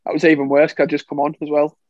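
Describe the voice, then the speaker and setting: Talking rapid-fire, a young ex-footballer with a fairly high voice looks back on his playing days as a podcast guest. He's relaxed, quick to laugh and acts out the lines he quotes, all in dry, slightly dull audio without echo.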